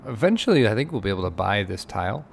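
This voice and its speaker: A man with a low, gravelly voice talks his way through a game in a loose, rambling style. He grows exasperated when things break. A faint hiss sits under his voice. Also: sing-song, fast. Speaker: let's play host. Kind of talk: casual gameplay commentary.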